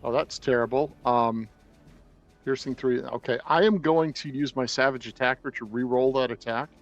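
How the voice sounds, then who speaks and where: A gravelly man playing in a tabletop game. He talks hesitantly and restarts his sentences often, with faint music playing behind him. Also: mid-range voice, moderate pace, lo-fi sound. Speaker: player.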